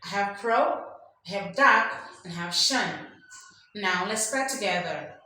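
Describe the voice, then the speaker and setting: Sharp in tone and expressive, a woman of medium pitch talks a little slowly while leading an English lesson. She emphatically drills examples and quizzes her audience, and the audio carries strong echo with faint background noise.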